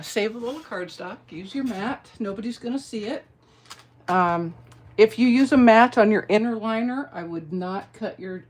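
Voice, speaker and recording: A woman's voice: mid-range voice, slight background noise. A woman giving a casual card-making tutorial, chatty and folksy, talking to viewers as she works. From American South. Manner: chatty, folksy, talks to viewers while working.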